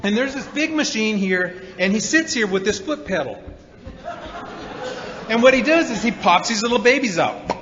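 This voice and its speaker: A man speaking at a recovery meeting, telling his story to an audience in an animated way, acting out the voices of the people in it. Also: high-pitched, normal speed, pauses often. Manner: animated storyteller, acts out quotes, many repeated 'and's. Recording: dull recording in a hall with reverb.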